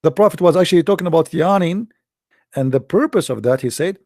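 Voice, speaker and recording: A gravelly-voiced man talks in a mocking, sarcastic commentary. He drags out quotes slowly and pitches his voice a little high. The sound is dry and close to the mic. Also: animated, darkish tone, dry recording. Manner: sarcastic, sing-song mockery with slow drawn-out quoting.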